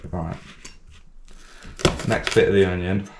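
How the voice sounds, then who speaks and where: A man's voice: sits low, fairly even intonation, slow pace, very noisy. A man hosting a casual home cooking vlog in his kitchen. He rambles, mocks himself and swears a lot while he chops. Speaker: cooking channel host. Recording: echoey kitchen with clattering pans.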